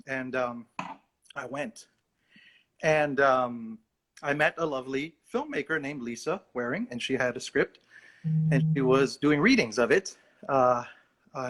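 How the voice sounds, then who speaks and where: A man's voice: medium pitch, a bit bright, a little hiss or hum. A male actor telling a rambling, self-mocking story in a casual livestream chat. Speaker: actor guest.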